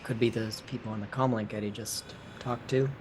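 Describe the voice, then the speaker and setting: A woman's voice: a bass voice, steady tone, brisk, darkish tone, a little hiss or hum. A woman playing a tabletop role-playing game, joking and laughing often. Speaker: player.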